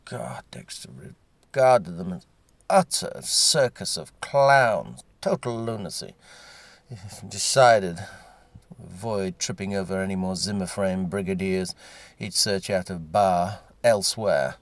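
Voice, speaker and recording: A man reading a story aloud, wry and unhurried. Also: low voice, expressive, no echo. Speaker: narrator.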